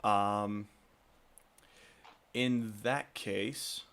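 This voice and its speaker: A man's voice: fairly low pitch, drawn-out words, clean tone. A man narrating a tabletop game as game master, chuckling now and then. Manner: chuckling, relaxed narration with voiced characters.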